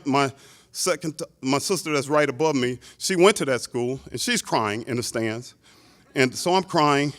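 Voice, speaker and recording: A man in his fifties, a hall of fame inductee, telling a lively story in a speech, full of asides. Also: a little high. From Chicago, United States.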